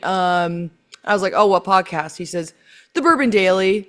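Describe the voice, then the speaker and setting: A woman telling a story on a podcast, animated, acting out quotes and swearing freely. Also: mid-range voice, normal speed. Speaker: podcast guest. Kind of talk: casual chat.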